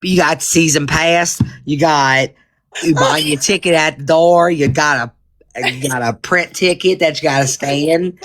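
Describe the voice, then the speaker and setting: A woman's voice: sits low, a little slow, no room sound. A woman in a casual group chat, rambling and joking with plenty of swearing. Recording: faint background noise.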